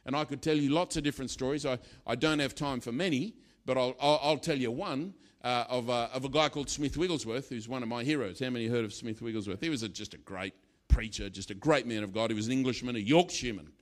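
Male preacher, middle-aged, lively sermon storytelling, acts out lines loudly. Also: medium pitch, fast talker. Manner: storytelling, animated, acts out quotes with sudden loud bursts.

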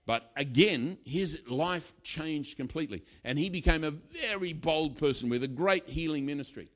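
Male preacher, middle-aged, lively sermon storytelling, acts out lines loudly. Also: a little high, moderate pace. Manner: storytelling, animated, acts out quotes with sudden loud bursts.

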